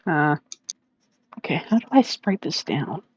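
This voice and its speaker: A man's voice: fairly high pitch, lively intonation, a little slow, husky. A man co-hosting a podcast in casual chat, laughing often and swearing casually. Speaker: podcast co-host. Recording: dull lo-fi dry sound.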